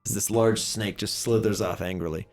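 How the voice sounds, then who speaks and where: A young man narrating as game master, with lively, hedging descriptions full of "kind of.". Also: on the low side, normal speed, faint music behind.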